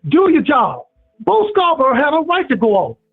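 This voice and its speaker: A man calling in to a show and giving a preachy, repetitive, animated rant. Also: very high-pitched, moderate pace. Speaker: caller. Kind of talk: impassioned call-in rant. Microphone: phone. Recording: tinny phone line.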